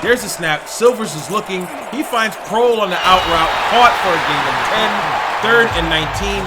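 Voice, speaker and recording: A man doing excited play-by-play commentary on a football video game stream, often shouting and openly indignant about the officiating. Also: high-pitched, heavy background noise.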